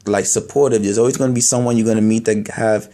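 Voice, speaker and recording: A man speaking candidly to camera, halting, earnest and full of restarts and repeated words. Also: on the low side, fairly even intonation, dark tone. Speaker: video blogger. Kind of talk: candid personal talk to camera.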